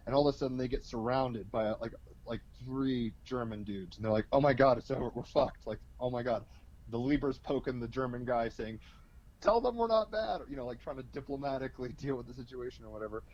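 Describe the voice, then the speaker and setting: A man's voice: mid-range voice, lo-fi sound. Rambling man telling a story. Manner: rambling, filler-heavy, animated storytelling. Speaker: astrologer guest. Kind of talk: casual storytelling explanation.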